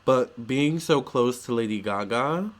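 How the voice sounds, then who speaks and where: A man's voice: medium pitch, animated, measured pace. A young man vlogging in a chatty, gushing way, full of fillers and restarts. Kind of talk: casual storytelling vlog.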